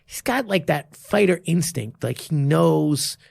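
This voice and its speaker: Gravelly, animated coach swearing freely. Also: male voice, on the high side, measured pace, no echo, studio quality. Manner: animated, emphatic, profane. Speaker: martial arts coach and podcast co-host. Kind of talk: casual podcast chat.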